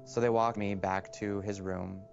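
A young man with a fairly low voice tells his story in a quiet, halting way, often stopping and restarting. The film audio is a bit muffled, and faint music plays underneath. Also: little pitch movement, gravelly. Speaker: interviewee. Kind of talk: documentary testimony.

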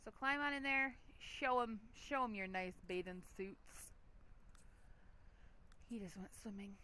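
A woman's voice: mid-range voice, a little slow, sharp tone. A woman hosting a let's play, giving chatty, giggly gameplay commentary with a lot of "like".

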